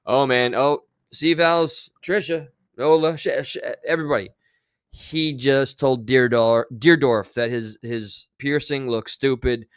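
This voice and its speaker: A man's voice: mid-range voice, steady tone, slow pace, clear, resonant tone, dry recording. Sarcastic man with a dry, close voice. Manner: sarcastic, rambling. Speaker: streamer reacting to clips. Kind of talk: casual reaction commentary.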